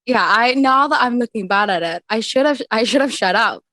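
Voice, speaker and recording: A woman's voice: on the high side, lively intonation, brisk, bright, forceful tone, dry recording. A young woman with an accent that blends American and British, chatting casually as a podcast host. She giggles, mocks herself and restarts sentences often. The sound is dry and close, with no room around her. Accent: mixed American and British. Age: young adult. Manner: giggly, self-mocking, with frequent restarts. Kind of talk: casual chat.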